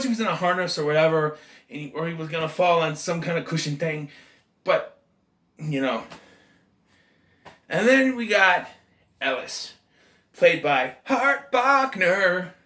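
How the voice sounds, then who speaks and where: Man, casual movie review, rambling, enthusiastic, bright slightly high voice, echoey room. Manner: rambling, enthusiastic, self-correcting. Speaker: film reviewer.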